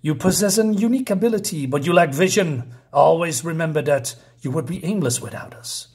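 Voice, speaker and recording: A man voicing sinister, commanding spirit masters in a hushed, menacing whisper while reading a comic aloud. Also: a little high, expressive, fairly quick, breathy edge.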